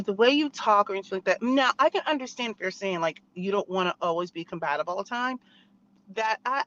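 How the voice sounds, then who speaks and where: A woman's voice: a little high, a bit bright. Outspoken woman talking from her car. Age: adult, married. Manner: outspoken, emphatic, conversational. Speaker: channel host. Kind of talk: opinionated commentary vlog. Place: in a car on a back road. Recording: muffled car recording with road noise.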